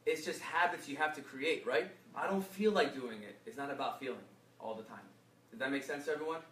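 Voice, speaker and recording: A man giving an energetic workshop talk, often quizzing the audience with fill-in questions. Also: medium pitch, brisk. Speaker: workshop speaker. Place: echoey workshop room. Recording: roomy echo, mic from far off, faint noise.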